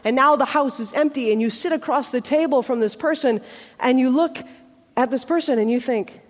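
High-voiced woman preaching a sermon. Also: long reverb tail. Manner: conversational, with dramatic pauses.

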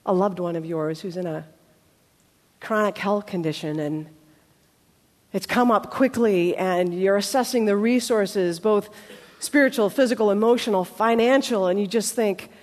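A woman preacher giving a sermon in a conversational way, with dramatic pauses. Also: medium pitch, darkish tone, long reverb tail.

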